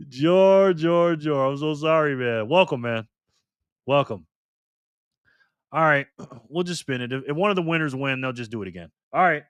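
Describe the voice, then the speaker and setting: A man hosting a live stream in a loose, joking way, reading the chat messages out loud. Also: fairly high pitch, animated, unhurried, long pauses, smooth, no echo. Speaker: livestream host.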